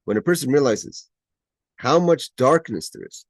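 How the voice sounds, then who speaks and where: A teacher runs a Torah study class over a video call, explaining a Hebrew text line by line and alternating between Hebrew quotations and his own English commentary. His expressive voice sits mid-range at a normal speed, recorded dry and close with no room sound. He often stumbles and restarts, then presses hard on his main points.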